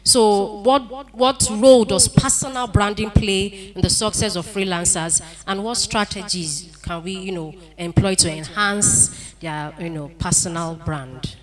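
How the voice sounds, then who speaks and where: A woman's voice: mid-range voice, steady tone, unhurried, hardly any pauses. A Nigerian woman moderating a conference panel, putting emphatic questions to a guest. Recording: event hall with crowd noise.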